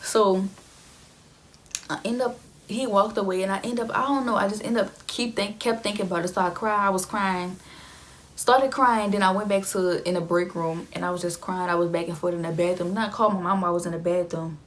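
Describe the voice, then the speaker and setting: A woman's voice: medium pitch, fairly even intonation, brisk. A young adult woman casually telling a personal story to her viewers in a chatty, emphatic way. She often repeats phrases for effect.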